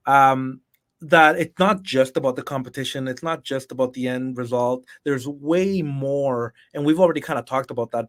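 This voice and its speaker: A man's voice: medium pitch, a bit bright. A man hosting a podcast interview, affirming his guest enthusiastically and asking long, rambling questions. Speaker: podcast host.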